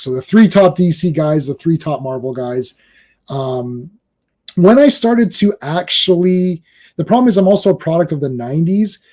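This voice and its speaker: A man's voice: a little high, darkish tone. A man in his forties, a talk show guest, chatting casually and rambling with many restarts. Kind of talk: casual chat.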